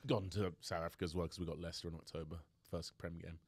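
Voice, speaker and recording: A man with a very deep voice co-hosts a laid-back rugby podcast, bantering about who will win. His delivery is loose and he restarts his sentences. The sound is close and dry. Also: level tone, quick pace, slightly rough, no echo. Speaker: podcast co-host. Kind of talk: casual chat.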